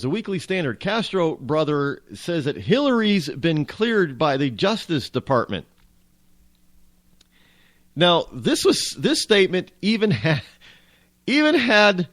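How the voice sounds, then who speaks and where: This talk radio host has a high-pitched, fairly bright voice. He rambles wryly through a casual monologue, often cutting himself off and starting over as he thinks aloud.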